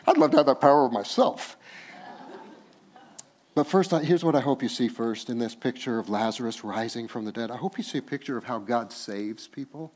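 With a medium-pitched voice, a man preaches as pastor, drifting from hushed, gentle, slow passages into loud, emphatic bursts where he laughs.

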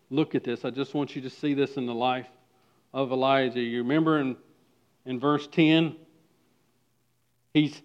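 A man preaching a sermon as pastor, swinging from loud emphatic lines to hushed, quiet ones. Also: medium pitch, dull audio.

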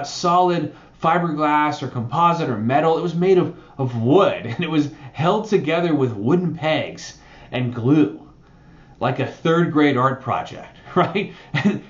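Preaching in a slightly high voice, this pastor explains a Bible passage in a lively, conversational way, frequently asking "right?" The recording is muffled, with an echoey room.

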